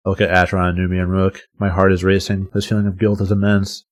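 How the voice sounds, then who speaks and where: A man's voice: low-pitched, little pitch movement, fast, hardly any pauses, slight background noise. A man streaming, reading a visual novel aloud in a dramatic voice with casual swearing asides.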